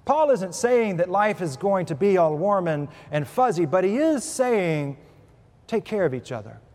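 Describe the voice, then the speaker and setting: A man preaching a sermon as pastor, telling a humorous story with lively shifts in loudness and pitch. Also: a little slow. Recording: preached in a hall with long reverb.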